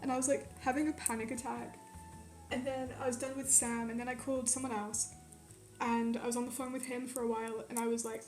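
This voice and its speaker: A young woman from Quebec telling a story in a casual, animated way, swearing often and filling it with "like". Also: on the high side, brisk, reverberant. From Quebec, Canada. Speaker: streamer. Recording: faint music behind.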